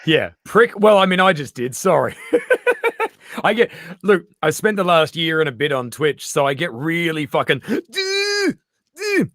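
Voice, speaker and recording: A middle-aged Australian man, a comedian guest in casual chat, animated and swearing freely as he acts out little voices. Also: on the high side, normal speed, no echo, clean studio sound.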